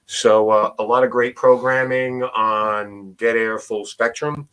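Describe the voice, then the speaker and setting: A man's voice: mid-range voice, slow, smooth. A man co-hosting a talk show, casually running through the upcoming lineup. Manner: relaxed, plugs upcoming shows. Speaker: co-host.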